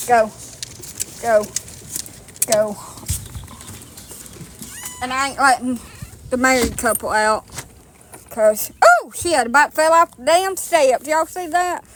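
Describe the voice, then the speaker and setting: A woman with a high, expressive, fairly bright voice speaks at a measured pace, with a little hiss or hum in the audio. She's a storyteller vlogger out on rural land with dogs, using her phone and telling her tale in salty, blunt, casual, self-mocking terms.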